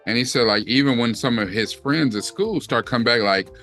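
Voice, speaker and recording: A man's voice: mid-range voice, fairly quick, a bit bright, soft background music. A middle-aged man, co-hosting a casual chat and acting out quotes as he tells a story. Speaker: co-host.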